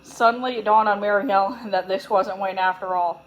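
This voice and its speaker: A woman reading a children's chapter book aloud in a clear, steady storytelling voice, with a few slips. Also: mid-range voice, fairly quick, poor audio. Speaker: storybook reader.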